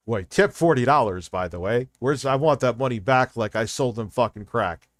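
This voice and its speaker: A man's voice: medium pitch, lively intonation, moderate pace, few pauses, no echo, clean studio sound. A man reacting to videos on a live stream, ranting bluntly and swearing a lot. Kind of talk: casual live-stream commentary.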